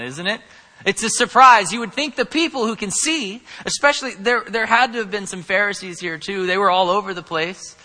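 A man preaching a sermon, moving from quiet, conversational asides to loud, emphatic declarations. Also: sits high. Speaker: pastor. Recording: long hall reverb.

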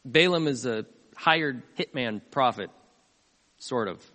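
A man pastor delivering a sermon, retelling a scripture story in an animated way, with asides to the congregation. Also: mid-range voice, takes it slowly. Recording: long hall reverb.

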